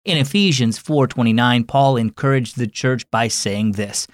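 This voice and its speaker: A man hosting and narrating a children's story program in a friendly, expressive storytelling manner. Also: medium pitch, moderate pace, hardly any pauses, no room sound, clean studio sound. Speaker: host and narrator.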